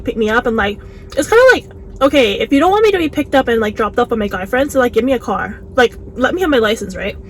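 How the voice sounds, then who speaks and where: A woman's voice: fairly high pitch, poor audio. Chatty young woman telling a story. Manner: chatty, animated, many "like"s, acts out quotes. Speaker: vlogger. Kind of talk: casual storytime while eating. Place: car. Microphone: phone. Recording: faint background noise, phone recording.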